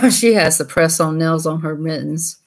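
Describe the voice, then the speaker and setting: A woman's voice: deep voice, slow, fairly bright tone. A woman hosting a casual livestream. She talks in a folksy, chatty way and laughs easily. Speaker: livestream host.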